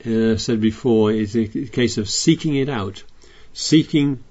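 A man's voice: mid-range voice, unhurried, a little mellow. Guy giving a sermon, reads verses then chats through them, a bit lo-fi sounding. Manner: reads scripture aloud then explains it conversationally, with frequent restarts. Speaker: preacher.

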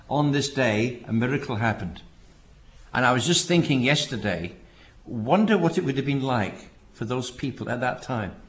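A man preaching a sermon in an earnest way, often repeating words and rising to emphatic calls to hold fast. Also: medium pitch. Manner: earnest, repeats phrases, rises to emphatic exhortation.

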